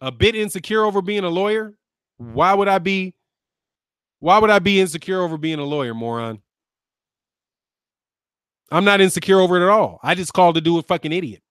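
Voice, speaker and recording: A man's voice: high-pitched, lively intonation, brisk, pauses often, a bit bright, smooth, no echo, clean studio sound. A man in his fifties, a lawyer hosting a boxing channel, ranting back at viewers with combative, sarcastic name-calling. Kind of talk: ranting commentary replying to viewers.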